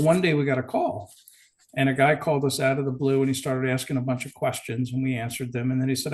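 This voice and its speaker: A man who is a company executive, a guest on a business podcast telling a story in casual chat, relaxed, with small restarts. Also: mid-range voice.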